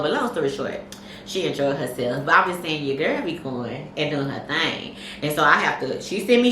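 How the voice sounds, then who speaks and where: A woman co-hosting a podcast, telling stories in a candid, profane, animated way. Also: lowish voice, reverberant, distant mic, a little hiss or hum. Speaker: podcast co-host. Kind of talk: casual chat, storytelling.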